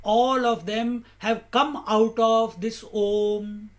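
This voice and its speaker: A man giving a spiritual discourse as a teacher, asking rhetorical questions in a measured, emphatic way. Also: high-pitched, steady tone.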